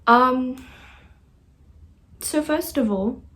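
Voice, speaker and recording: Brief: young woman, reaction host, chatty and earnest, easily touched, slightly high voice, unhurried delivery. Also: a bit bright. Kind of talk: casual reaction commentary.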